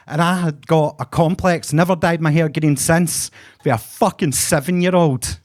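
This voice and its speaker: A flamboyant Glaswegian man in his forties works a comedy club crowd with a high, camp voice. He swears freely and plays up his own manner for laughs, talking into a handheld mic on a basement stage. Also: a little slow. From Glasgow, Scotland. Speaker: stand-up comedian. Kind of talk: stand-up set.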